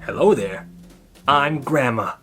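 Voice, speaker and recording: Kindly older grandma, gentle and doting, voiced by a man, lively pitch, faint music under. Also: slow. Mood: sweet. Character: sweet calm grandmother, older woman.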